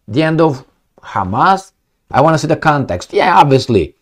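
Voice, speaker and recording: A man's voice: medium pitch, sing-song, brisk, husky. A man giving blunt, opinionated, sometimes profane commentary on news articles, rambling with many fillers and restarts. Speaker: political commentator.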